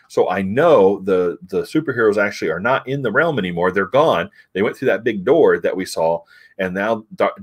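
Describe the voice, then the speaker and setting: Scheming male comic villain, told by a man in his own low voice. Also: slightly rough. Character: scheming male villain pitching himself as right-hand man.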